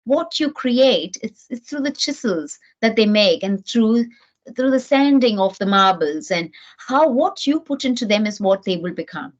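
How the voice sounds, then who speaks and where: A woman's voice: on the high side, unhurried. Earnest middle-aged woman, lo-fi. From New Zealand. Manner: earnest, animated, with frequent restarts. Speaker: parenting speaker. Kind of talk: motivational talk to camera. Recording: dull lo-fi sound.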